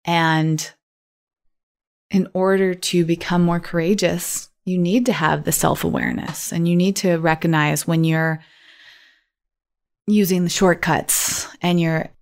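Smooth-voiced woman co-hosting a podcast. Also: on the low side, fairly even intonation, unhurried. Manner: thoughtful and rambling, with many fillers. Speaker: podcast co-host. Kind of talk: casual chat.

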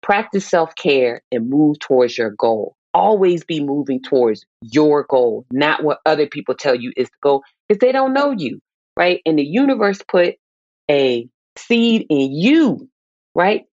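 A woman's voice: sits low, sing-song, a little slow, a little mellow, dry recording. Middle-aged woman, guest expert, impassioned and preacherly, dull close recording. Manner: passionate, emphatic, preacherly rises. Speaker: guest psychologist. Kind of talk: heartfelt podcast conversation.

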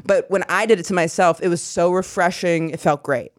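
A young adult woman hosting a podcast in casual chat, animated and quick to act out voices in her stories. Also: on the low side. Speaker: podcast host.

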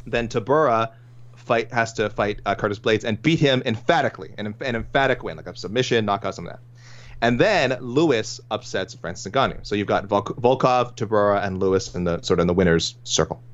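A man's voice: fairly low pitch, fairly quick. Chuckling man on a lo-fi podcast. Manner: chatty, chuckling, many restarts. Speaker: podcast co-host reading listener picks. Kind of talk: casual sports podcast chat. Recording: dull lo-fi audio.

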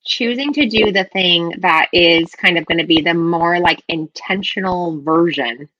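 A woman in her thirties talks casually as a podcast co-host, her voice sitting a little low. She is animated and quick to laugh, leaning on filler words as she goes. The sound is close and dry, with no room around it. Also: dry recording, highs cut off. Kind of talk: casual conversational chat.

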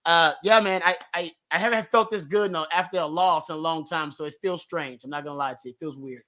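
A man's voice: fairly high pitch, fast, sharp tone. A man talking as a guest on a postgame football show, emphatic and openly emotional as a fan. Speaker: guest analyst. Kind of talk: postgame sports talk show.

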